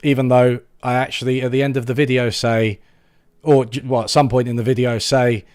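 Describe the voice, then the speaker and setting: A young YouTube channel host talks casually to his live-stream audience, sarcastic and laughing, trailing off into restarts. His ordinary middle-pitched voice is steady, smooth and darkish, at a moderate pace. The sound is dry and close, with no room sound or echo.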